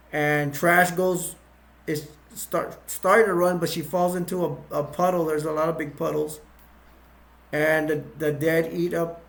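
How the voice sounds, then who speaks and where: A man reviewing a movie by retelling its plot in a rambling, halting way, with many restarts. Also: fairly high pitch.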